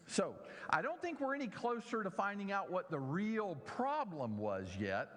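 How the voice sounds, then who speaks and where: A man leads a Bible lesson in a church hall, speaking slowly and stressing each important word. His pitch sits a little high and swings widely as he explains and questions his listeners. A long reverb trails behind him in the room. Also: very animated, a bit bright. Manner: slow, emphatic teaching with audience questions. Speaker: Bible teacher.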